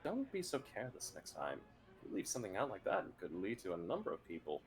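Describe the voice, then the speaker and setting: Man playing a fussing motherly lady in a tabletop game, quiet and soft, low voice. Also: huge pitch swings, fast, faint music behind.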